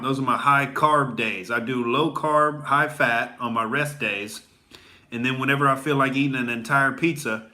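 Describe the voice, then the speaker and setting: A man's voice: medium pitch, bright, forceful tone. A young adult man doing a comedy rant as a boastful gym bro, rambling with lots of "dude" and "all right?". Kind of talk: stand-up style comedy rant.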